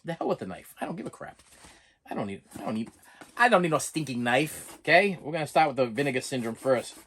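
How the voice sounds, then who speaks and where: A man's voice: medium pitch, sing-song, fast, fairly bright tone, breathy edge. A middle-aged man ranting in a comedic vlog, exasperated and stumbling over restarts. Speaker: vlogger. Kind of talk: comedic rant and unboxing vlog.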